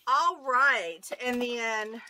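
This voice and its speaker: A woman with a rural American accent hosting a casual unboxing video, excitable and gushing as she talks to her viewers. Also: fairly high pitch, drawn-out words, slight background noise. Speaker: YouTube channel host. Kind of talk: casual unboxing of fan mail.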